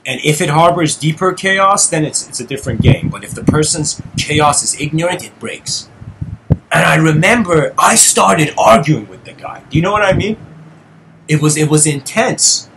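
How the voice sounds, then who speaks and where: A man hosting his channel, telling a personal story in an animated monologue, addressing listeners as "guys" and getting heated and intense. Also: fairly high pitch, normal speed, gravelly, background noise. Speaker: channel host giving a lecture.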